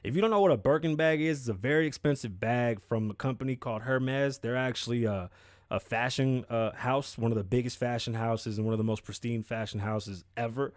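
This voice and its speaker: A man hosting his own podcast, riffing on the news in a loud, profane, emphatic way. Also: medium pitch, brisk, no room sound, studio quality. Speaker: podcast host. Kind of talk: casual news commentary.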